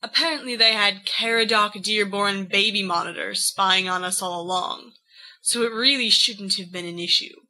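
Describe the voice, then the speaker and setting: A woman's voice: mid-range voice, moderate pace, sharp tone, rough recording. A woman voicing a brash, cocky eighteen-year-old young man who tells his story in a boastful, rambling way. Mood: recounting.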